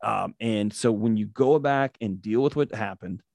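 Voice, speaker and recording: A man's voice: on the low side, measured pace, gravelly, a little mellow, no room sound. Earnest man, dry close sound. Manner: earnest, storytelling, vivid examples. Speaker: guest, mental health expert. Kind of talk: interview answer, explaining.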